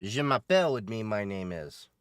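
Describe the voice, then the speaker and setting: A man's voice: fairly low pitch, very animated, normal speed, clear, resonant tone, no echo, clean studio sound. A man streaming a game live, chatting casually with viewers in a joking, talkative way. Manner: joking, chatty, answers viewers and laughs often. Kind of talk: casual live-stream chat while gaming.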